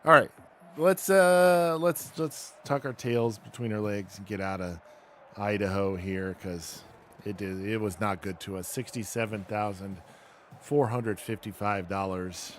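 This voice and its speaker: A low-pitched man gives relaxed, self-mocking play-by-play while streaming a racing game. He talks through his race results and tunes his car setup out loud. A faint hum sits behind his voice. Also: a little slow. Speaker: gaming streamer. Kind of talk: casual live gameplay commentary.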